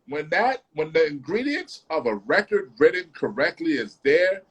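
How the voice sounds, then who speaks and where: A man, a music producer, telling studio stories in a casual, animated way, repeating phrases and humming melodies. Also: fairly high pitch, normal speed, hardly any pauses, a little hiss or hum. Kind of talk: casual storytelling.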